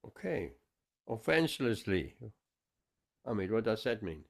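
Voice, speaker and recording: A man's voice: mid-range voice, animated, unhurried, gravelly. A man giving a scripture class, explaining verses with emphatic repetition. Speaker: spiritual teacher.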